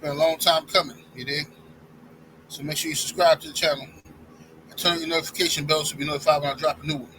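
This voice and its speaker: A man's voice: on the high side, steady tone, fast talker, pushed and bright, a little hiss or hum, low-quality recording. A man giving an opinionated sports rant to his channel's viewers, heated and talking straight at them. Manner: heated, addresses viewers directly as y'all. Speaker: sports commentary YouTuber.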